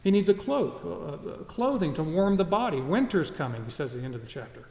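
A man delivers an expository sermon in a somewhat high voice, earnest and emphatic, circling back to repeat his points. The sound carries a roomy echo and a long reverb tail, as in a church sanctuary. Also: sing-song, brisk, vocal fry, dark tone. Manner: earnest, emphatic, with repetitions and restarts. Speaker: pastor.

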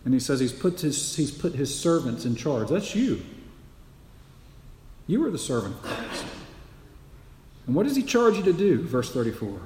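A man's voice: a little high, very animated, normal speed, long pauses, a little mellow, slight background noise. Emphatic preacher, man, echoing hall. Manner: emphatic, repeats key phrases, asks rhetorical questions. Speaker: pastor. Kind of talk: sermon. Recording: echoey hall with long reverb.

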